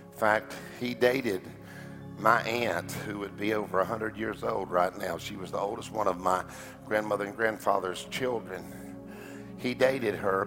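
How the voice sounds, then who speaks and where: A man preaching in a large church, his voice rough and gravelly. He tells a story and climbs to a fervent shout. Music plays clearly behind him. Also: fairly low pitch. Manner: storytelling, builds to shouting climax. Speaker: pastor. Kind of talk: sermon.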